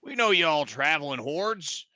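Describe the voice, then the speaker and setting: A teasing older villager shouts down from his perch in a tabletop game, played by a man. The voice sits high and bright. The sound is close and dry. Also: sing-song, unhurried, dry recording, full character voice. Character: older male mountain villager, cheeky lookout.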